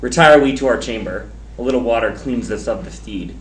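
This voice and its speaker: A young actor playing a ruthless, scheming noblewoman who commands forcefully in a school stage play. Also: mid-range voice, fairly quick, natural voice. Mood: scornful. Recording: echoey, noisy stage recording.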